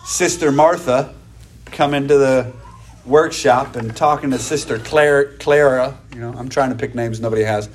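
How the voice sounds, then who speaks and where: A man preaching a sermon, who talks in an animated way and acts out gossiping voices. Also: mid-range voice, moderate pace, a little hiss or hum. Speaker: pastor.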